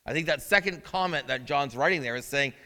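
A man's voice: a little high, fairly quick, bright, forceful tone. A male pastor preaching a sermon in a conversational way, asking the listeners questions as he goes. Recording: long reverb of a large hall.

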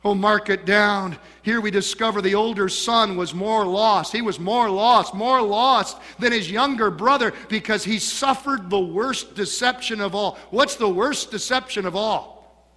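A man preaching from the pulpit in a high, bright voice. His delivery swings dramatically between loud pleas and hushed asides, while a long church reverb trails each phrase. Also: measured pace. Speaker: pastor. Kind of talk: sermon. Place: church sanctuary.

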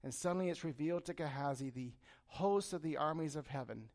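A man's voice: a little high, fairly quick. A man preaching a sermon, reading scripture aloud and then retelling it in casual everyday words, now and then acting out the people in the story. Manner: acts out the frightened servant with sudden animated bursts.

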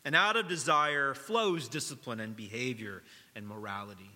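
A middle-aged man, a pastor preaching a sermon in a church, speaking earnestly, dropping to a hush and then rising to emphasis. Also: medium pitch, normal speed, long reverb tail. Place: church sanctuary during worship.

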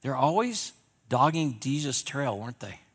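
A very animated pastor speaks at normal speed with a breathy edge, preaching a sermon in a Wyoming accent. He builds to loud, forceful peaks and then falls back to low, conversational remarks.

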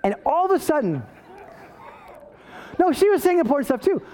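High-voiced, conversational male preacher. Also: sing-song, normal speed, warm tone. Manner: storytelling, self-deprecating and conversational, rising to emphatic preaching. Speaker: pastor. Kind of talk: sermon.

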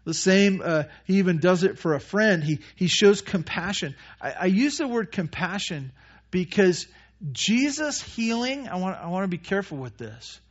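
A man preaching a conversational sermon as pastor, with many restarts and quick acted-out asides. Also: sits high, expressive. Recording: dull lo-fi church recording.

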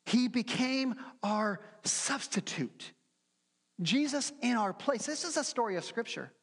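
A pastor preaching earnestly in a church sanctuary, asking the listeners rhetorical questions. The voice sits at a middle pitch and carries a long hall reverb. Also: expressive, unhurried, fairly bright tone. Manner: earnest teaching with acted-out quotes and rhetorical questions. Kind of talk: sermon.

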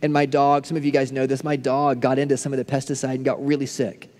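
A male pastor preaching a sermon, building to impassioned peaks and then falling to hushed, soft prayer. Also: medium pitch, flat delivery, fast talker, big-room sound. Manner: impassioned, rising to near shouts then dropping to hushed tones.

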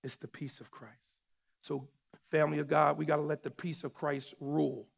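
A man preaching a sermon as pastor. He swings from shouted, emphatic lines to low, quiet asides. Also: flat delivery, moderate pace, gravelly, slightly rough, big-room sound. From New York or New Jersey area.

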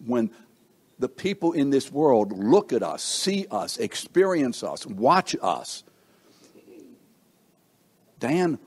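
A middle-aged man preaching a sermon at an unhurried, deliberate pace. He leans on words with sudden lifts and drops in pitch and volume. He keeps putting rhetorical questions to his listeners. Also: darkish tone. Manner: slow, emphatic preaching with wide swings in pitch and volume; asks the congregation rhetorical questions.

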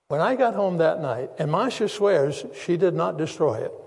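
An older pastor preaches a sermon testimony in a church sanctuary, earnestly telling his story and repeating phrases for weight. His voice is on the high side, a little mellow, with lively intonation, vocal fry, and normal speed. The recording carries the long reverb of a church hall.

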